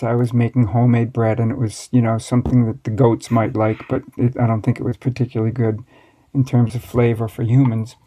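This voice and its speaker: An American man in his sixties, a master baker, telling stories from his past in a relaxed, wry way as an interview guest. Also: medium pitch. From United States. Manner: relaxed, reflective, wry storytelling. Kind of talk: storytelling interview answers.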